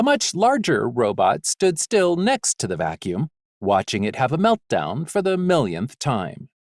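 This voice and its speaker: Male audiobook narrator, slow and expressive, lots of ups and downs, dry close mic. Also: mid-range voice, no room sound. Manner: expressive, measured. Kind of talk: scripted narration.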